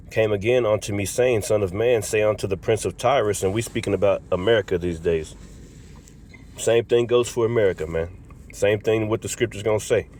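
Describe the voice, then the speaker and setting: A man's voice: fairly low pitch, darkish tone, a little hiss or hum. A man preaching from scripture, reading verses aloud and breaking in with casual, slangy remarks like "all right" and "man.". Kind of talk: street-style scripture sermon.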